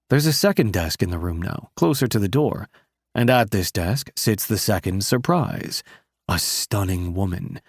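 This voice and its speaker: A man's voice: medium pitch, no echo, clean studio sound. A man narrating a novel in the first person, with a wry, conversational storytelling manner. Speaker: audiobook narrator.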